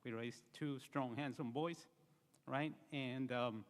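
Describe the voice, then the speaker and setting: A man speaks slowly in a medium-pitched voice as he delivers a eulogy at a memorial service. His speech is sincere, full of stories and frequent fillers, and the hall gives it a noticeable echo.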